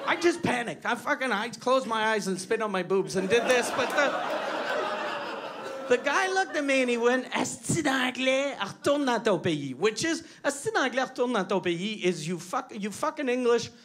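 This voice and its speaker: A man from Quebec, doing a stand-up comedy set on a club stage, telling animated, profane stories full of restarts. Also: very high voice, normal speed, a crowd in the background. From Quebec, Canada. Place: comedy club stage before a live audience.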